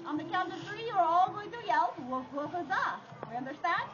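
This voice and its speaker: A woman with a very high voice runs a live dog show on an outdoor faire stage. She talks to the crowd in a playful, theatrical way. The recording sounds dull and lo-fi, with clear noise behind her. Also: lively intonation, a little fast.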